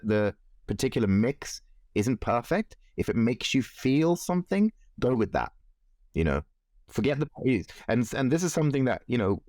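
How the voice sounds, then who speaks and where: Low-voiced man telling lively anecdotes. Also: dry recording, studio quality. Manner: animated anecdotes, laughs often, acts out quoted voices. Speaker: musician guest. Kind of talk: casual interview storytelling.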